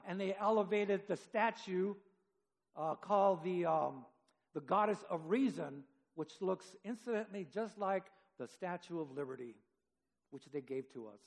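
A man's voice: sits high, moderate pace, creaky. A man preaching a sermon, reading scripture aloud and talking with his congregation in a conversational way, rising in force for emphasis. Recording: long hall reverb.

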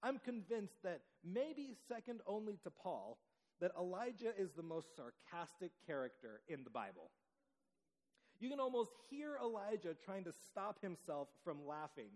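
A man preaching a sermon, telling the story with dramatic pauses and lively emphasis. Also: high voice, in a large hall, low-quality recording. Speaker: pastor.

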